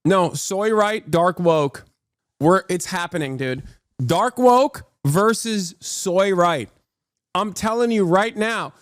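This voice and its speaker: A man in his thirties hosts a stream, delivering heated, sarcastic political commentary and reacting to chat. His voice sits high and smooth, and he takes things slowly. The recording is dry with clean studio sound.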